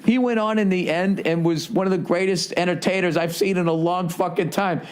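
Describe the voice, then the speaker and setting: A man's voice: high voice, steady tone, fairly quick, clean tone. A man in his forties with a Boston accent, telling a long rambling story on his podcast in a casual, profane way and acting out the quotes. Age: 40s. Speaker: comedian and podcast host.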